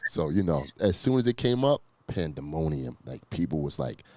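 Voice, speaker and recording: A man hosting a video-call interview, telling stories in an animated, hyped-up way. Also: extremely low pitch, normal speed, slight background noise. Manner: animated storyteller, hypes things up. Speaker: host. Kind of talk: casual interview.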